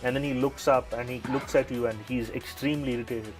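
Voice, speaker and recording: A man's voice: medium pitch, steady tone, quick pace, over music, poor audio. A man narrating as game master of a tabletop role-playing game, describing scenes casually with fillers.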